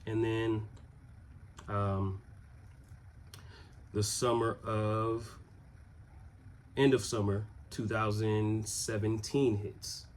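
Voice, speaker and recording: A young man telling a personal story in a loose, conversational way, with many pauses and restarts. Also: lowish voice, flat delivery, slight background noise. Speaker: vlogger.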